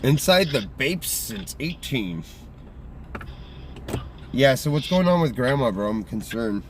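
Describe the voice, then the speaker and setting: A man's voice: mid-range voice, very animated, slow pace, slight background noise. A man casually livestreaming from a car, rambling in loose slangy talk full of fillers. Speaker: streamer. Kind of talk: casual mobile livestream chat.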